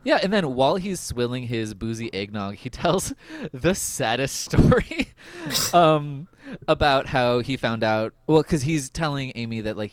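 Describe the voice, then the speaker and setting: Young man, podcast host, casual recap, lively pitch, frequent laughter. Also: moderate pace, dry recording. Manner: laughs often, goofy and animated, lots of fillers. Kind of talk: casual episode recap chat.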